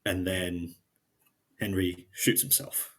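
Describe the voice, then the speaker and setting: A man's voice: deep voice, takes it slowly, a bit bright. A man co-hosting a podcast, recapping a TV episode in casual chat, hesitant with fillers and restarts. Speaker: podcast co-host.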